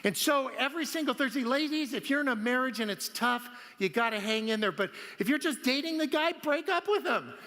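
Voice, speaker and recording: Excitable speaker, man, high voice, keeps cracking himself up; big hall echo. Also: fairly quick, hardly any pauses. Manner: laughs often, animated and excitable. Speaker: conference speaker. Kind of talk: storytelling keynote talk. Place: large conference hall.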